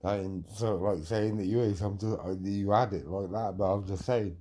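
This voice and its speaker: A man's voice: lowish voice, fairly even intonation, moderate pace, warm tone, a little hiss or hum. A middle-aged man on a livestream, ranting angrily and threatening someone while answering chat, with a lot of swearing.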